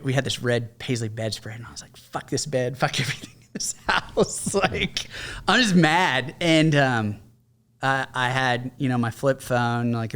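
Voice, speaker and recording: A man's voice: medium pitch, a bit bright. Middle-aged guy on a podcast, telling his story straight, casual and candid. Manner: candid, conversational, mimics others in quoted lines. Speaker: podcast guest, combat veteran.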